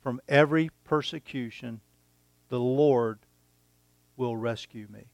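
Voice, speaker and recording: A male pastor delivers a sermon at an unhurried, deliberate pace, letting phrases land with pauses between them. His voice sits at an ordinary pitch and sounds close and dry, with little room around it. He reads scripture aloud and breaks off to explain it to his congregation. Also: vocal fry, no room sound, highs cut off. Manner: slow, deliberate preaching with dramatic pauses, reading scripture aloud.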